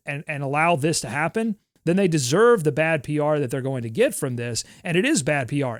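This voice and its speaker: Man, podcast co-host, somewhat high voice, emphatic, repeats himself for stress, dry close mic. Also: no room sound. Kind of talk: casual sports podcast chat.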